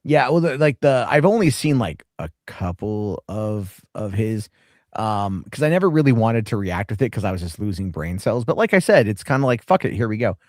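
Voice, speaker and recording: A man hosting a casual reaction show rambles sarcastically, swearing freely. His pitch swings widely as he talks. The sound is close and dry. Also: big pitch swings, normal speed, no room sound. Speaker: reaction streamer host.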